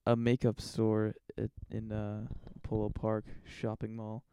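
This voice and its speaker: Male co-host, mellow smooth voice, quick deadpan quips. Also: fairly low pitch, no room sound, studio quality. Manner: wry, joking interjections. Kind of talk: casual chat.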